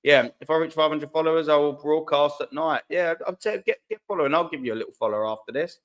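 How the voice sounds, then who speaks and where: A man's voice: a little high, fast. Laid-back slangy man hosting a live stream. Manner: laid-back, slangy, reads chat aloud. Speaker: host of a live fan stream. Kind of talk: casual live-stream chat.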